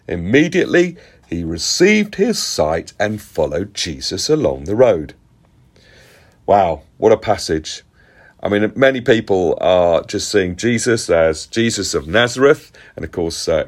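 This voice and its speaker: A man leads a short devotional, reading scripture and then explaining it with earnest, chatty asides. His voice sits low, yet it swings widely in pitch as he stresses key points. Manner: earnest and animated, with conversational asides. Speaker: pastor. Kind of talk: devotional Bible reading and teaching.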